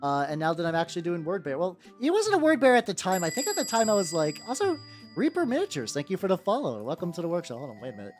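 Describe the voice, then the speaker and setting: A male streamer chats casually with his viewers while painting miniatures. His pitch leaps up and down as he rambles and repeats himself, and he swears now and then when excited. Faint music plays underneath. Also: fast talker. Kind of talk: casual livestream chat. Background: faint background music.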